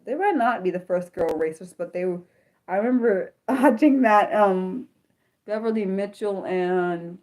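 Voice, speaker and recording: A woman from the United States hosting an unscripted livestream, chatting excitably and reacting to viewer comments. She often restarts her sentences, blurts out exclamations and lets slip mild curses. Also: lowish voice. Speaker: livestream host.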